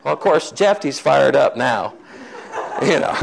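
Gravelly-voiced man preaching a story. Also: mid-range voice, slow, rough recording. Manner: animated storyteller acting out quoted voices. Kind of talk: sermon storytelling.

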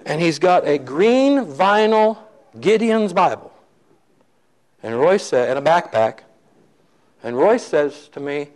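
A man's voice: high voice, a little mellow, low-quality recording. A man preaching, telling a story to his congregation and acting out the voices of the people in it. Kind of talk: sermon storytelling.

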